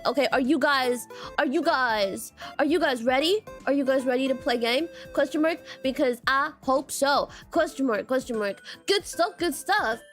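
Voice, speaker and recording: A young woman with a high, light voice chats at speed while streaming a game. She is bubbly and loops little phrases over and over. Soft music sits faintly under her voice. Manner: fast-talking, bubbly, repeats phrases. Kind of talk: casual game stream chat.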